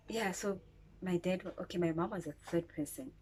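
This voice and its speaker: A woman's voice: lowish voice, normal speed, a little mellow, husky. A woman with a South African accent telling a storytime vlog in a chatty way, dropping into whispered asides. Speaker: YouTuber.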